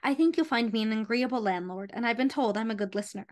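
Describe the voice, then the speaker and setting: A woman's voice: a little high, fast talker, close to an everyday voice. A woman reading aloud the lines of a shy young man addressing a town crowd. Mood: earnest.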